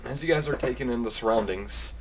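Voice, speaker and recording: A man's voice: mid-range voice, fast talker, slight background noise. A man running a tabletop game as game master, describing scenes and apologizing for tech trouble.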